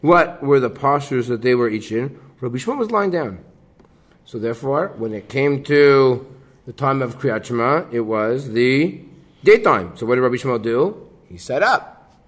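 Lively man teaching a Gemara class. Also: medium pitch, unhurried. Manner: lively, switches between Hebrew-Aramaic text and English explanation. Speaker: Talmud teacher.

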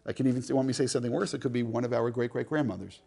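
Gravelly man teaching a text class. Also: mid-range voice, fairly even intonation, very fast, mellow, slight background noise. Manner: reads text line by line and translates, jokes with the class. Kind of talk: classroom lecture.

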